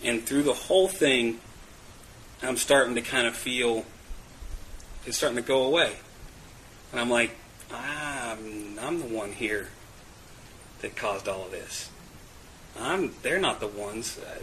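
A man's voice: mid-range voice, pushed and bright, a little hiss or hum, poor audio. A man sharing his recovery story in a candid, self-mocking way, often laughing and restarting his words. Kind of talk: personal testimony at a meeting.

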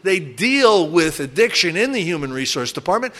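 A middle-aged man in recovery telling stories from his drinking past in a casual, animated way, acting out other people loudly and restarting his sentences often. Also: high-pitched, normal speed. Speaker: recovering alcoholic sharing his story. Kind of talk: casual storytelling talk.

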